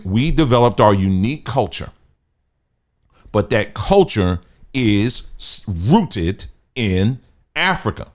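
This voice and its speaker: American guy doing a fired-up commentary monologue, middle-aged, mid-range voice, gets louder and higher when indignant. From United States. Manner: emphatic, rising when indignant, with mocking quoted voices.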